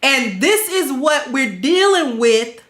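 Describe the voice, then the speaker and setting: A woman's voice: high-pitched, big pitch swings, takes it slowly, fairly bright tone, echoey room. A woman hosting a livestream, talking bluntly and preachily in a colloquial way, with a congested, stuffy nose. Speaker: livestream host. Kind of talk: opinionated livestream commentary.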